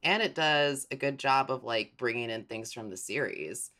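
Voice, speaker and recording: A man's voice: medium pitch, moderate pace, bright, forceful tone. Chatty man rambling with fillers. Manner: enthusiastic, rambling, with frequent fillers. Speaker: podcast co-host. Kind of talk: casual chat.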